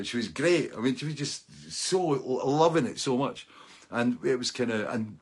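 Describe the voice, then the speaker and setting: A middle-aged man telling a story in a casual, animated way. He laughs often, restarts phrases and lets lines trail off. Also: medium pitch, normal speed, slightly rough.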